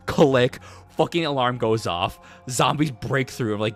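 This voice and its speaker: A man's voice: medium pitch, normal speed, fairly bright tone, faint music behind. A male streamer casually recapping a game, rambling and swearing, with lots of fillers and restarts. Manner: rambling, profane storytelling with many fillers.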